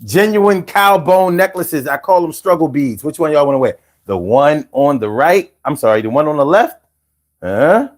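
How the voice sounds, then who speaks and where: A middle-aged man hosts a live stream from home. He is slightly higher-pitched than most men and talks in a loose, profane, rambling way, stumbling over restarts as he reads viewers' comments aloud. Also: expressive, normal speed. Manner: profane, rambling, stammering restarts, laughing asides.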